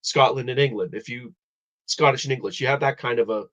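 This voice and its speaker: A man's voice: medium pitch, a little fast, fairly bright tone. A man hosting a live stream, explaining history in a rambling casual way with many restarts. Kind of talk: casual chat. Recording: dull lo-fi audio.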